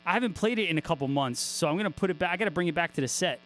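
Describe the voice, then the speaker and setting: Laid-back joking man, a bit high. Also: animated, very fast, fairly bright tone, slight background noise. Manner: laid-back, joking, swears freely and laughs often. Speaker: guitarist hosting a livestream. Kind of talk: casual livestream chat, reading viewer comments.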